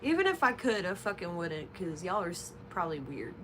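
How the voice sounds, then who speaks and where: A woman's voice: lowish voice, big pitch swings, brisk. A young woman on a casual livestream, blunt and profane with her viewers, cooing in baby talk to her infant. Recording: noisy home livestream audio.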